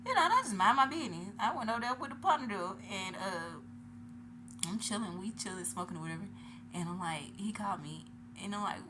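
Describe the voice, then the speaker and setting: A woman from Atlanta, telling a story to camera in a loud, profane, animated monologue that swings between shouting and hushed asides. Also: medium pitch, brisk. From Atlanta, USA. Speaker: vlogger. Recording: noisy background.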